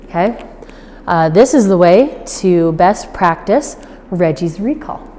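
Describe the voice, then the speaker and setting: A woman's voice: expressive, slow, dark tone, long reverb tail, slight background noise. Woman dog trainer explaining outdoors. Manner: explains patiently, then switches to high-pitched praise for the dog. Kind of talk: instructional demonstration.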